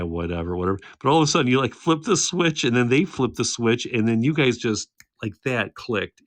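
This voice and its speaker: Man in his thirties, livestream host, low voice, dry close sound, teasing, laughs a lot. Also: fairly bright tone, no room sound. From United States. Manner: chatty, teasing, laughs often. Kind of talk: casual chat reading viewer comments. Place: home, indoors, by a candle.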